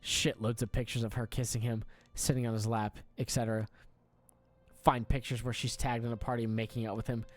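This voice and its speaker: A man reading an online story aloud in a deadpan way, sometimes breaking into laughter. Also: mid-range voice, fairly quick, dry recording. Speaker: story reader.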